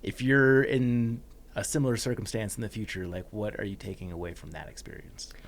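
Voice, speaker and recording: Relaxed man co-hosting a podcast. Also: fairly low pitch, fairly quick. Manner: relaxed, asks questions, laughs easily. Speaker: podcast co-host. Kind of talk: casual chat.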